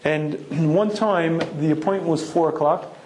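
A man teaching a Torah lecture and telling a personal story, emphatic and repeating phrases for effect, with frequent throat clearing. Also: on the high side, moderate pace, darkish tone, slight background noise, poor audio. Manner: keeps clearing his throat.

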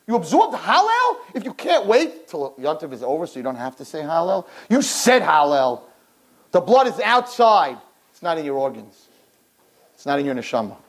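Animated, husky woman teaching a Torah class. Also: deep voice. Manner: animated, rhetorical, fast.

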